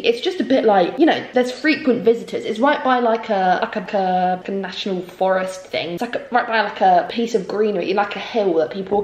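Young woman, higher voice, sweary comic rant, echoey room. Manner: sweary, animated, comic exaggeration. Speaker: vlogger. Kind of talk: casual storytime rant.

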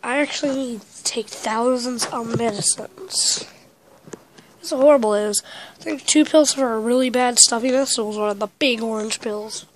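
A woman's voice: fairly high pitch, normal speed, slight background noise. A woman chatting casually in a vlog, rambling and talking with a stuffy, congested nose from a cold. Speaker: vlogger.

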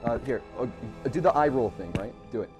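A man's voice: mid-range voice, lively intonation, a little fast, over loud music. A man giving jokey, profane commentary while playing a horror game, nervous and talking to himself. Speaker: gamer.

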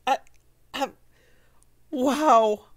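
Slow-talking woman gushing. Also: high voice. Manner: gushing and emotional, with sighs and breathy asides. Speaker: reaction video host. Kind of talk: casual reaction commentary.

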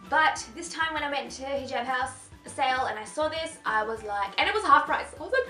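Young woman, fashion haul vlog, bubbly, gushing, chatty, high voice, roomy echo. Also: lively intonation, fairly quick, bright, forceful tone. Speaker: fashion vlogger. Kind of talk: casual haul chat. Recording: echoey room with faint music.

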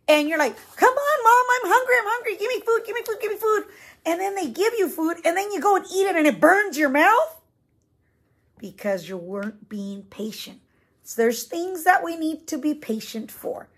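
Female preschool teacher, high voice, slow lively read-aloud with questions for the kids. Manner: gentle, asks the children questions, explains. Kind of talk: reading a picture book aloud to children.

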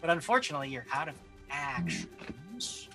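A man with a bright, forward voice narrating as game master of a tabletop game. He paints each scene in vivid detail and laughs easily with his players. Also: a little high, very animated, moderate pace, soft background music.

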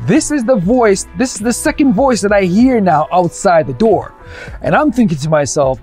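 A man's voice: high-pitched, normal speed, breathy edge, faint music behind. A young man from Canada telling a comic story and acting out the people in it. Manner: animated, acts out the people in his stories.

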